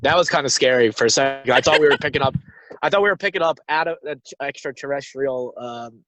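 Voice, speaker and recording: The audio is poor and has no room sound: a young man with a medium-pitched, slightly bright voice co-hosts a podcast from inside his parked car. He rambles and riffs jokes in casual comedic chat, recording on a handheld phone.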